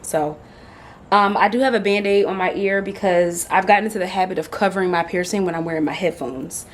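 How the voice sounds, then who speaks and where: Brief: young woman vlogger, everyday mid pitch, chatty aside talk filmed on a phone in her car. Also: fairly quick. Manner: chatty and animated, says "like" a lot. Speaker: lifestyle vlogger. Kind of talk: casual vlog chat. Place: in her car, then out on a walk.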